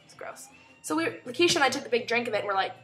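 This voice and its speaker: A woman's voice: a little high, racing, soft background music. A young woman telling a chatty story in a casual vlog at home, acting out other people's lines as she goes. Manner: chatty, animated retelling with quoted voices. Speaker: vlogger.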